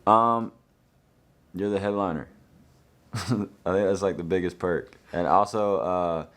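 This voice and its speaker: Laid-back guy, young, real low voice, chatting through fan questions. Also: steady tone, takes it slowly, a bit bright. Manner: laid-back, easygoing answers. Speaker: country singer answering fan questions. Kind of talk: casual Q&A, reading out fan questions.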